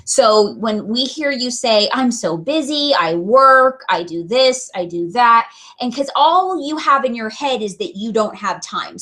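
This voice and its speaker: A young adult woman who leads a direct sales team gives her team an earnest, chatty pep talk, full of fillers and restarts. Her voice is a little high with a fairly bright tone.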